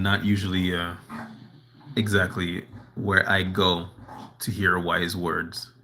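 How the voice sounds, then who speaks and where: With a low, sharp voice and slight background noise, a livestream host talks casually to his live chat from home, a dog close by. He rambles earnestly, answering messages and filling gaps with "you know."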